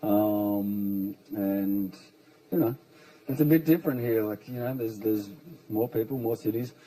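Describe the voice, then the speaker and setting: Easygoing Australian man with a mellow voice. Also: medium pitch, a little slow, low-quality recording. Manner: easygoing, laughing, self-deprecating. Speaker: actor guest. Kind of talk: talk show interview. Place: TV studio with live audience.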